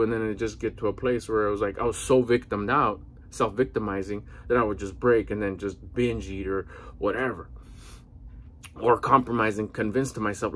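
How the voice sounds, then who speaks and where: A man's voice: mid-range voice, breathy edge. A man in his forties giving rambling, earnest motivational talk to camera, a little out of breath after a workout. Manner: rambling, earnest, with slang and restarts. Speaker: vlogger.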